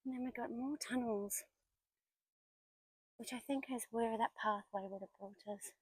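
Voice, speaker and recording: A woman's voice: fairly high pitch, a little slow, slightly rough, no room sound, poor audio. Chatty woman in her forties, dry sound. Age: 40s. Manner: chatty and storytelling, now and then dropping to a whisper. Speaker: vlogger. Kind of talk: casual walking vlog narration. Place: outdoors in woodland.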